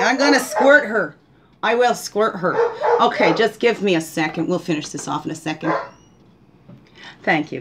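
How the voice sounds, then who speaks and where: A woman's voice: mid-range voice, noisy background. A woman hosting a spiritual guidance session at home, reading oracle cards in a meandering, reflective way and often asking the listener questions. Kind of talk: casual oracle card reading.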